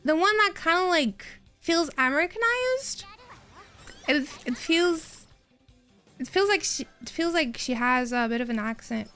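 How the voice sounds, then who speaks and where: A woman streamer chatting casually while she plays a game, rambling and excitable, answering her chat as she goes. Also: high-pitched, a little slow, faint music behind.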